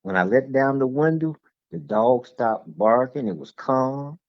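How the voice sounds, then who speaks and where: A man's voice: mid-range voice, measured pace, dry recording. A man who is a guest in a casual conversation, telling rambling stories and repeating words as he goes. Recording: dull lo-fi sound.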